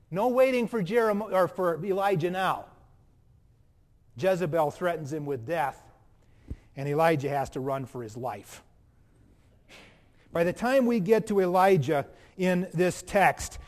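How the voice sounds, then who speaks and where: A male pastor with a fairly high voice delivers an earnest sermon, rising to loud emphasis and then dropping to a hush. His words ring out with the long reverb of a big church hall. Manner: earnest, swings between loud emphasis and hushed soft passages.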